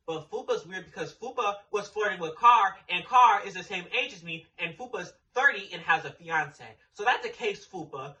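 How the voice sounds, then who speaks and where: A man's voice: high-pitched, lively intonation, normal speed, bright, forceful tone, far from the mic, dull audio. A young man telling a storytime in a blunt, sassy way, swearing freely. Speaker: storytime vlogger. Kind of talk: casual storytime.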